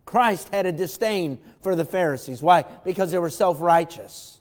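A pastor with a high-pitched voice preaches an evening sermon at a moderate pace in a church sanctuary. Reading scripture fervently in King James wording, he asks the congregation pointed questions. The large hall gives a long reverb.

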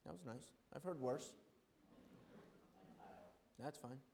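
A middle-aged male pastor preaches in a high voice. He swings between loud, fervent exhortation and quiet asides, and the sound rings around an echoey room. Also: slow, vocal fry, background noise. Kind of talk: sermon.

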